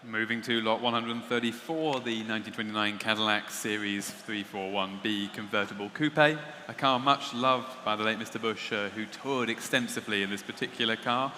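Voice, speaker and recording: A man's voice: fairly low pitch, steady tone, moderate pace, few pauses, sharp tone. A man presenting lots at an auction, describing each one with frequent hesitant fillers. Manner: hesitant, many uh fillers between descriptive phrases. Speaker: lot presenter. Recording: long reverb, faint background noise.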